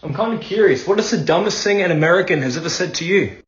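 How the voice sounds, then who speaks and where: Male interviewer, high and quick, echoey muffled recording. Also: animated. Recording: roomy, dull lo-fi sound.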